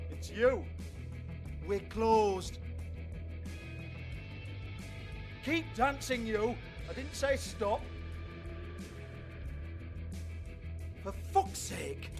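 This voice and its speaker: A shrill, cursing club boss. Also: male voice, exaggerated voice. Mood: impatient. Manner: snarling, berating, cursing. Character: abusive middle-aged male club owner, foul-mouthed and bullying. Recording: game audio under loud music.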